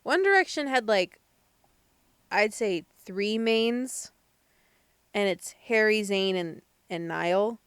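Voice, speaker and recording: A woman's voice: medium pitch, expressive, slow, pauses often, fairly bright tone, clean tone, dry recording. A young adult woman co-hosting a podcast, chatting casually and thinking aloud with many fillers. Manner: thoughtful, hedging with many fillers. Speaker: podcast co-host. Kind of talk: casual chat.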